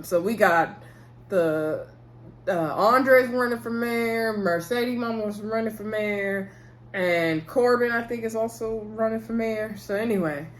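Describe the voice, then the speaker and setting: Woman vlogger, casual episode recap, rambling and chatty, lots of fillers, mid-pitched. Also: a little hiss or hum. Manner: rambling, loose, full of fillers like "so anyway" and "um"; chatty and familiar, addressing viewers directly. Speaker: TV episode reviewer.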